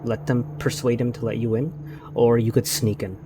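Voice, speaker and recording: A man's voice: mid-range voice, level tone, normal speed. A man co-host chatting casually and explaining game choices plainly. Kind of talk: casual chat.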